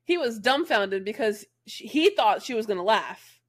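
A woman's voice: fairly high pitch, expressive, moderate pace. A woman co-hosting a podcast in casual chat, blunt and profane, telling stories with animation. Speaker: podcast co-host.

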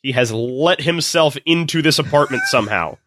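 A man, a podcast guest, retelling a film's plot in casual, animated, swearing chat. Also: fairly high pitch, moderate pace, slight background noise. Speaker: podcast guest recapping a film.

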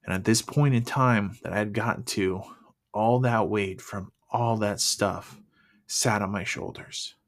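Earnest man giving a halting testimony. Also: lowish voice. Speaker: person sharing his faith testimony. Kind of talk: personal faith testimony.

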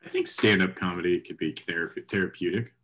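A man's voice: low voice, fairly quick, fairly bright tone. A man co-hosting a podcast, dropping short, dry remarks in casual chat. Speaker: podcast co-host.

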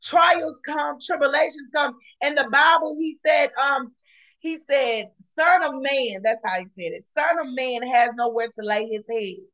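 A woman preaches a fiery podcast sermon, shouting and repeating exclamations. Her voice sits high and rings bright and forceful. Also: a little slow, muffled recording. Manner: shouting, repetitive exclamations, colloquial.

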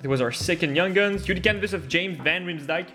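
Faint music plays behind a high-pitched man talking briskly as he opens hockey card packs, chatting casually, laughing often, and gasping and swearing loudly over good pulls.

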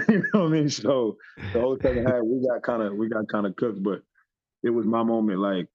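A man in his thirties telling stories as a podcast guest, animated and profane with lots of "you know what I'm saying". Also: on the low side, moderate pace, dry recording. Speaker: podcast guest, former pro basketball player. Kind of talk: storytelling in casual chat. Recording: tinny phone-like line, dry.

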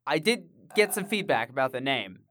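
A podcast co-host chatting casually with dry, deadpan quips. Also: mid-range voice, moderate pace, noisy background. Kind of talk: casual chat.

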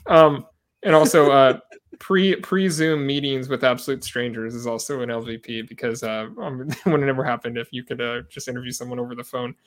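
A man's voice: mid-range voice, fairly even intonation, fairly quick. Hesitant man chatting on a podcast. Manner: hesitant, many fillers, laughs. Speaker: podcast panelist. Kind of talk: casual chat.

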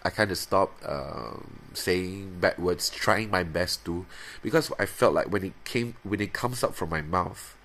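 This podcast host, a man in his thirties, makes a casual confession in halting, rambling bursts full of restarts. His voice is a bit bright, and he leaps into high, playful tones whenever he imitates himself.

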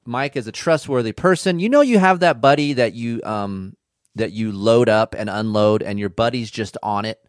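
A man's voice: lowish voice, moderate pace, dry recording, studio quality. A middle-aged man hosting a casual podcast chat, blunt and teasing, with plenty of swearing. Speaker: podcast host. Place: studio.

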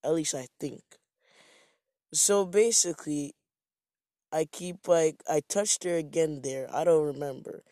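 A man's voice: on the high side, measured pace, long pauses, dark tone, dry recording, studio quality. A man from Jamaica telling a rambling, profane, self-mocking story in a casual monologue.

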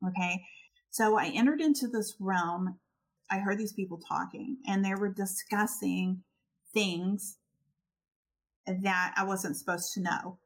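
Podcast cohost lady telling stories, animated, acts out the quotes, laughs a lot. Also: medium pitch, unhurried. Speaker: podcast co-host. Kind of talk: casual conversation.

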